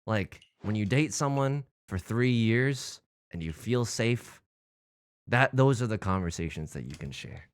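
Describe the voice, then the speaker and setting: A young man chatting casually on a live stream while gaming, animated and rambling, swinging between mumbles and loud squeals. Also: fairly low pitch, measured pace, clear, resonant tone.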